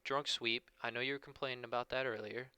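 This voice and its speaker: A man's voice: medium pitch, steady tone, fast, bright, forceful tone, clear, resonant tone, no room sound. A young man co-casting a game, laid-back and playful as he breaks down the play. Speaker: esports co-caster. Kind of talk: casual game commentary.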